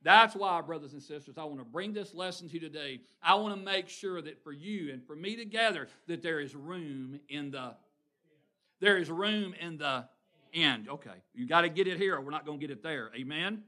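Bright, high-voiced preacher man. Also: expressive, normal speed. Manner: calls on the congregation, swings between loud exclamation and quiet asides. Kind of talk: call-and-response sermon.

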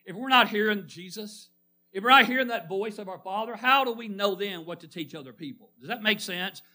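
A man preaching in church, his voice high and piercingly bright. He draws his congregation in with fill-in-the-blank questions and drags out the key words for emphasis. His delivery swings between loud stressed phrases and quiet asides. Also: fairly quick. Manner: call-and-response with the congregation, asking them to fill in words. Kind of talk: sermon.

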